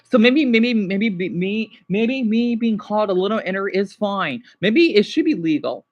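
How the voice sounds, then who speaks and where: A man's voice: sits high, big pitch swings, moderate pace, muffled recording. A young man livestreaming to his viewers, distraught and exhausted, swearing and repeating himself as he talks unscripted. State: exhausted and upset. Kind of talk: unscripted live stream talk.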